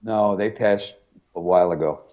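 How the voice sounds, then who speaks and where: A man's voice: deep voice, normal speed. Older man, interview guest, storyteller, muffled lo-fi recording. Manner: storytelling, animated when quoting family. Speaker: guest singer. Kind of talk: casual interview chat.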